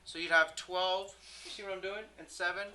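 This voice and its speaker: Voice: mid-range voice, steady tone, normal speed, noisy background. A math teacher giving a classroom lecture, who keeps checking in with the class, poses questions and corrects their own slips.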